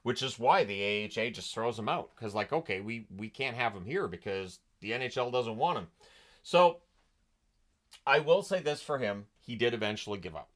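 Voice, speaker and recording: A man's voice: mid-range voice, animated, moderate pace, a bit bright. Sarcastic, chatty man telling history. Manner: sarcastic, amused, chatty with many fillers. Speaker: hockey history channel host. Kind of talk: casual history storytelling vlog.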